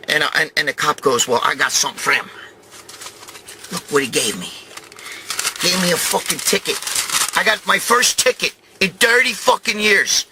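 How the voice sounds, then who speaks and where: Man in his sixties, profane comic rant, very bright tense voice, acts out quoted voices, high-ish. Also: expressive, moderate pace, slight background noise. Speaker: host. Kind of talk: profane comedic storytelling rant.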